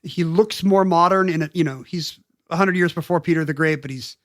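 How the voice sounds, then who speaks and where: A man with a fairly high voice tells a history story on a podcast, slipping in jokey asides and little put-on voices. His sound is close and dry, with no room around it. It feels like a relaxed chat between friends. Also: brisk, no echo. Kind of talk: casual comedic history chat.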